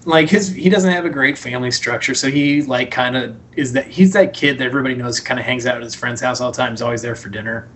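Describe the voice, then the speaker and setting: A man's voice: mid-range voice, fast talker, few pauses, a bit bright. Rambling man recapping a movie. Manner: rambling, retells scenes in quoted voices. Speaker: podcast co-host. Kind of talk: casual movie recap chat.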